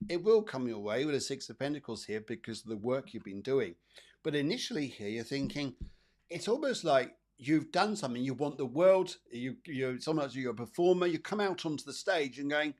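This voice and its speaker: A man hosting a live psychic show, giving chatty, rambling readings and often repeating his phrases. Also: mid-range voice. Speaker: psychic medium host.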